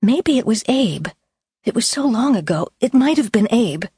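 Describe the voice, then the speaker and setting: A woman's voice: on the high side, very animated, normal speed, mellow, husky, no room sound, studio quality, pitched above the performer's own voice, full character voice. Woman doing an anxious, pleading young woman.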